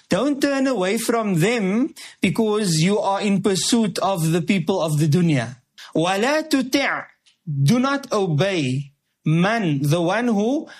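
A man with a notably high voice teaches a verse-by-verse Quran commentary. He explains each Arabic word in English and leans on rhetorical questions and emphatic repetition, his pitch often rising as he presses a point.

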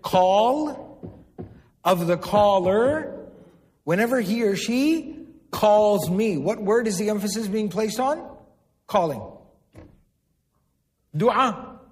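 A man's voice: high-pitched, darkish tone. A man giving a sermon, explaining terms, repeating words for emphasis and putting questions to the audience. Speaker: Islamic preacher. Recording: long hall reverb.

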